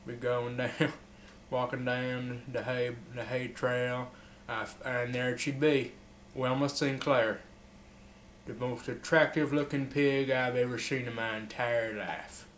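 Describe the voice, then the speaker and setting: A man's voice: medium pitch, little pitch movement, takes it slowly, a bit bright, roomy sound, slight background noise. A man rambling through an improvised comic monologue as a mock interviewee, drawling with fillers and laughs.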